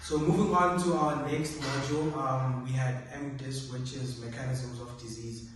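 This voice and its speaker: A man's voice: medium pitch, moderate pace, slight background noise. A young man, a medical student chatting casually and rating his modules. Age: young adult. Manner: relaxed, filler-heavy rating talk. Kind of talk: casual chat. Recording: echoey room, distant mic.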